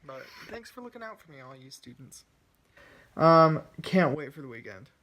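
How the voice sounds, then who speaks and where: A man's voice: a little high, very animated, normal speed, a bit bright. A tired male teacher hosting a casual family vlog, talking easily and laughing often. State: tired, exhausted. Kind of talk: casual chat to camera.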